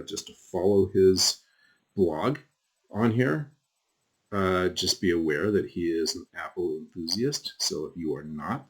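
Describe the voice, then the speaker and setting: A very low-pitched man gives a relaxed screen-recorded lecture to his class. He rambles, drifts into asides and fills gaps with ums and likes. Keyboard typing can be heard now and then behind him. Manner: casual, rambling, with frequent fillers and asides. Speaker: college instructor.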